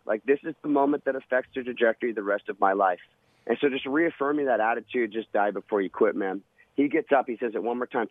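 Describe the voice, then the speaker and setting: A man's voice: mid-range voice, no room sound. A man, a former Navy SEAL, telling a vivid, dramatic story in an interview. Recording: tinny phone-line sound.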